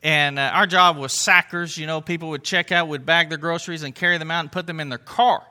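A man's voice: a little high, steady tone, brisk, sharp tone. A man preaching a sermon, telling stories and putting questions to his listeners. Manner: storytelling, asks the congregation questions. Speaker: pastor.

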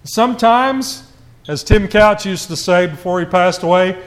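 Before a church congregation, a high-pitched man preaches at a somewhat slow pace, keeping things conversational. He asks rhetorical questions and alternates soft asides with raised, emphatic sections.

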